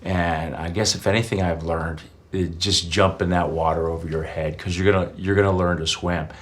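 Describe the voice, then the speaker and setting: A man's voice: deep voice, fairly even intonation, normal speed. A middle-aged man answering interview questions in a reflective way, sharing personal anecdotes. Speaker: interview guest.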